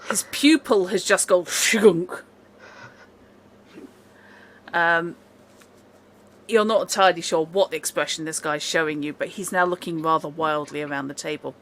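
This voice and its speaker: A woman narrating as game master of a tabletop game, talking in an unhurried, chatty way with asides. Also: on the low side, steady tone, a bit bright.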